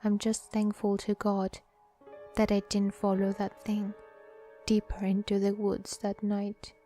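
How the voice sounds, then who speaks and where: A woman reading a scary story aloud in a soft, hushed voice that often drops to a whisper. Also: mid-range voice, completely flat delivery, unhurried, faint music behind. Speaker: horror story narrator. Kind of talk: scripted story narration.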